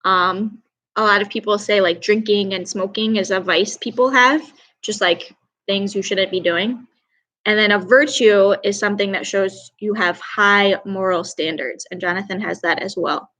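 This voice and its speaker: A young woman teaches an online class, speaking into a computer mic on a video call. Her pitch sits in the middle, and she keeps a chatty, upbeat tone. She praises students by name as she goes. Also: steady tone, normal speed, a bit bright, rough recording.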